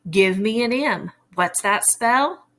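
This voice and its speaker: A woman teacher giving a phonics lesson to young children, sounding out letters slowly and clearly. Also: medium pitch, expressive, fairly bright tone. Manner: slow, exaggerated sounding-out of letters.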